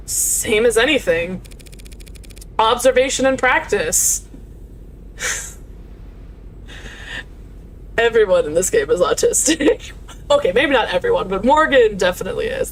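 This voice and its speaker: A woman's voice: mid-range voice, slight background noise. A woman streamer giving casual, chatty commentary while playing a story game, laughing often. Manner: giggly, chatty, lots of fillers. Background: faint music.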